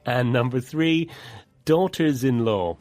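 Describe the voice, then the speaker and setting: A man co-hosting a scripted English vocabulary lesson, explaining in a clear, deliberate way. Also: mid-range voice, expressive, a little mellow, no room sound, soft background music. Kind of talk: scripted teaching dialogue.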